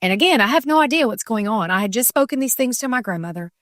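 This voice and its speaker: A woman's voice: fairly high pitch, expressive, fast talker, fairly bright tone, dry recording, clean studio sound. A middle-aged woman telling a personal faith story as a podcast guest, earnest and tumbling, with many restarts and fillers.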